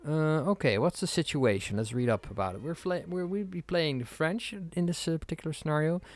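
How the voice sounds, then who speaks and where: A man's voice: a little high, brisk, no room sound. A man giving casual let's play commentary, rambling and self-deprecating with many fillers, over game audio. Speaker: gaming YouTuber. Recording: game music and battle sounds behind.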